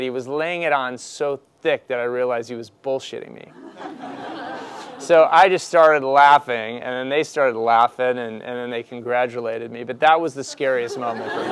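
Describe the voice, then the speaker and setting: An entrepreneur telling students a personal story in a conversational way, with frequent restarts and "you know.". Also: male voice, medium pitch.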